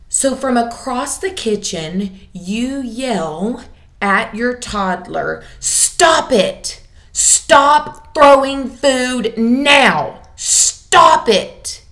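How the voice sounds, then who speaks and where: A middle-aged woman, a church kids minister hosting a parenting podcast in a slow, deliberate, encouraging way. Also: medium pitch.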